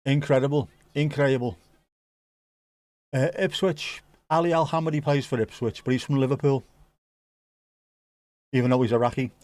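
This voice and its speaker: A man with a British accent hosting a football watchalong, making jokes and bursting into excitement at the goals. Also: mid-range voice, brisk, pauses often, no echo. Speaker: watchalong host. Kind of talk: casual live match commentary.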